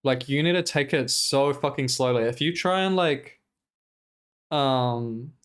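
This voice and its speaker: A man's voice: medium pitch, unhurried, fairly bright tone, clean tone. A young man streaming, talking casually in a profane, rambling and exasperated way while commenting live.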